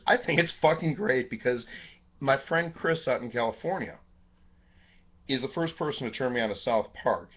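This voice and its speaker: A man in a rambling webcam confessional, cursing freely as his voice leaps from excited highs to hushed lows. His delivery is animated and restless, wandering from one thought to the next. The audio is dull and lo-fi, the way a cheap webcam microphone captures it. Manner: rambling and profane, jumping from excited high bursts to low quiet musing. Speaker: vlogger. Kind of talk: rambling personal webcam monologue.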